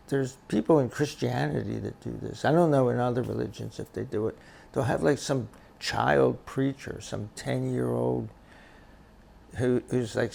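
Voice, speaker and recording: Slow, gravelly-voiced older man. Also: mid-range voice, a little mellow, slight background noise. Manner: halting, repeats words, chuckles at himself. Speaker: grandfather sharing life advice. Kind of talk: casual reflective monologue.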